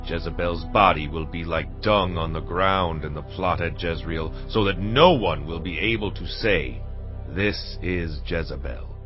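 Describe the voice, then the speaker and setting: A man's voice: low voice, unhurried. An actor playing a ruthless, zealous king who issues harsh orders, in a dramatized scripture reading. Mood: stern. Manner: forceful, issuing orders. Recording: dull lo-fi with music beneath.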